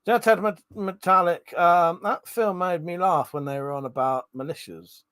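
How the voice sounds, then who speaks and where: A man's voice: high voice, unhurried, a bit bright, no echo. A man chatting casually on a live stream, reading out chat messages and swearing freely.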